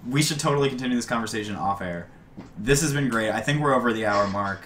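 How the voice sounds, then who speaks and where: A young man hosting a casual online talk show, rambling and relaxed with many ums. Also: medium pitch, fast, a little hiss or hum. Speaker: podcast host. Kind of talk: casual chat.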